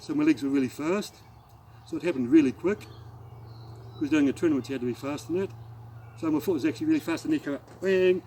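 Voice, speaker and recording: A middle-aged Australian man telling a rambling anecdote as a martial arts instructor, halting and restarting as he demonstrates the moves. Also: on the high side, dark tone, a little hiss or hum, rough recording. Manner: rambling, halting storyteller who demonstrates moves while talking. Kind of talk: casual spoken anecdote with demonstration.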